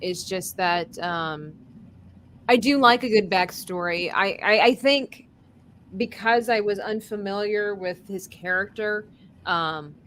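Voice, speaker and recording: Casual young woman co-host, talks in long rambling runs, middle pitch. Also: slow, a bit bright, slight background noise. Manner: chatty, rambling with restarts. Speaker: podcast co-host. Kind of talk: casual chat.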